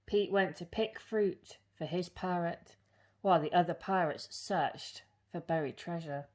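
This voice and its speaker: A woman reading a children's picture book aloud in an expressive storytelling way. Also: lowish voice, measured pace.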